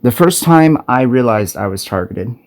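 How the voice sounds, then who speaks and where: A man from Arizona, a self-made video preacher, records on his smartphone with a mid-range, animated voice at normal speed, plus a little hiss or hum. His impassioned monologue is an urgent, profane spiritual warning riddled with stumbles and restarts.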